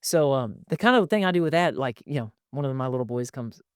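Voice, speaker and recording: A man's voice: mid-range voice, quick pace, clear, resonant tone, dry recording, clean studio sound. A man in his forties hosting a casual podcast chat, telling stories with lots of laughter and playful put-on voices. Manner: animated storyteller, laughs often, slips into playful voices. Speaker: podcast host.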